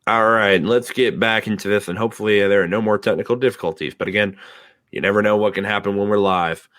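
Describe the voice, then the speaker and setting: A man's voice: fairly low pitch, fairly even intonation, quick pace, fairly bright tone, no room sound, clean studio sound. A man hosting a casual podcast, joking and teasing his co-hosts in loose, rambling talk. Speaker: podcast host. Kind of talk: casual chat.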